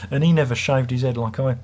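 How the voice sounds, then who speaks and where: A man's voice: medium pitch, darkish tone. A middle-aged man hosts a livestream, chatting casually and reading viewer comments in a sarcastic, rambling way. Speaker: livestream host.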